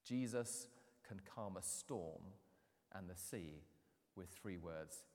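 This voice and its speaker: A man in his thirties preaching a sermon, telling the story with animated, dramatic swings from loud to hushed. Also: low voice, slow pace. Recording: long hall reverb.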